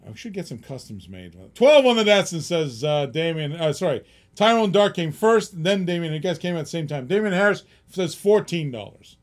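A middle-aged man with a slightly high voice hosts a casual live-stream auction. He rambles loosely, chuckles often and reads out the bids as they come in. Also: lively intonation, moderate pace.

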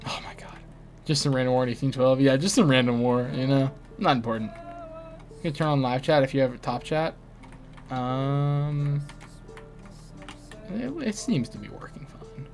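A young American gaming streamer teases his chat and friends in casual banter while playing. His medium-pitched, slightly mellow voice runs at normal speed with long pauses, over faint music and keyboard typing.

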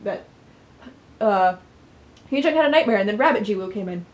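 A woman hosting a let's play, giving animated, chatty reactions to the story. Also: medium pitch, normal speed. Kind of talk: casual game commentary.

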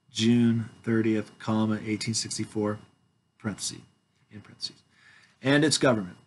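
A man in his forties reads legal paperwork aloud to his viewers, stopping to call out every comma, parenthesis and bold heading. His voice sits in a middle pitch. He breaks off now and then to talk straight to his audience. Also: slight background noise. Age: 40s. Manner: reads word by word, calling out punctuation, with asides to the audience. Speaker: vlogger reading his legal documents aloud.

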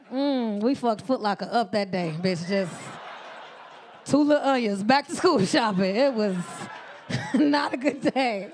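A woman's voice: fairly high pitch, expressive, a little slow, a little hiss or hum. A woman telling a loose, brash story about her son and laughing as she goes. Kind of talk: casual storytelling.

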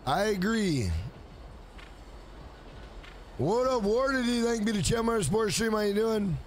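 A man's voice: high-pitched, animated, takes it slowly, slight background noise. A man around forty, streaming a game live, hyping up and thanking his chat in a casual, profane way. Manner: hyped, profane, reads out viewer names.

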